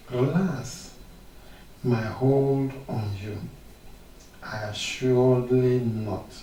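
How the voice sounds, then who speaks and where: A man's voice: mid-range voice, mellow. A male pastor preaching a healing sermon, reading scripture aloud and declaring confessions of faith with rising emphasis. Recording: echoey room, mic at a distance.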